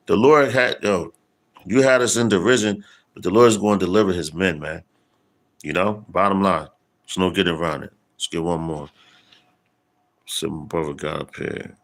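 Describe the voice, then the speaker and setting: Man, lowish voice, casual street sermon, slangy, profane, slows down for scripture. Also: fairly bright tone. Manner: slangy and profane, reading verses slowly with emphasis. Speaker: preacher.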